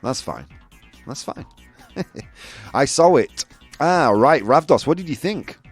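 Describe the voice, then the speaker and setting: Lively male chat-show host. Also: medium pitch, takes it slowly, husky, faint music behind. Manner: animated, laughs often, provocative asides. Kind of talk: live-stream chat show.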